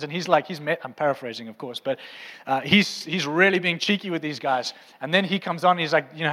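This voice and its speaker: A man delivers a sermon from a church stage, passionate and lightly teasing with his listeners. His voice sits a bit high for a man. The sound carries a long, echoing hall reverb. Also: a little fast, fairly bright tone. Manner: fervent, playful and teasing with the congregation. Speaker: preacher. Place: church auditorium.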